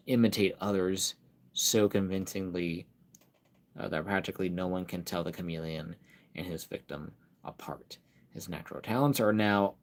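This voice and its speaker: A man with a somewhat low voice hosts a casual live stream. He rambles easily, reads items aloud and talks straight to viewers in chat, with plenty of ums and likes. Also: darkish tone. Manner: rambling, filler-heavy, reads product card aloud; chats directly with viewers in chat.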